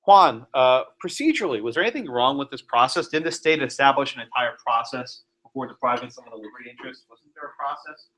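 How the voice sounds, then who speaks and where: A man, a law professor, giving a classroom lecture, animated and sometimes sarcastic, putting questions to students. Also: medium pitch, fast, hardly any pauses.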